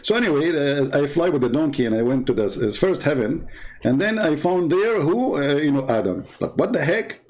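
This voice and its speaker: A man's voice: fairly high pitch, animated, a little fast, a little mellow. A male host who is not a native English speaker tells a story in a joking, rambling way, packed with "you know" fillers. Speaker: channel host.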